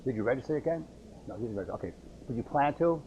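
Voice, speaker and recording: A man teaching a university course who takes roll in a classroom lab, with halting speech and repeated words as he checks how names are said. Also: medium pitch, expressive, dark tone, dull audio, a little hiss or hum. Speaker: university instructor. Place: classroom laboratory.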